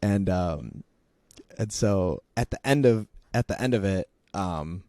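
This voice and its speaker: A young man in a casual chat, retelling a story with plenty of restarts and little bursts of laughter. His voice is mellow and dark, and the sound is close and dry, with no room around it. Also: low-pitched, lively intonation, takes it slowly, no room sound. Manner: rambling, laughing, many restarts. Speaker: vlogger.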